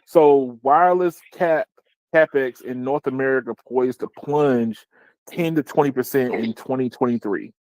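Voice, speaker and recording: A man's voice: medium pitch, measured pace, a little mellow, no room sound, poor audio. A man hosting a casual tech talk show, jokey and slangy, often repeating words as he gets going. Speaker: host.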